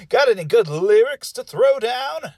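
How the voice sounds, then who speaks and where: A man voicing a creepy, giant-headed male talk show host who is excitable and clueless, with a squeaky, creepy voice. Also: full character voice. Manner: overexcited, dramatic outbursts.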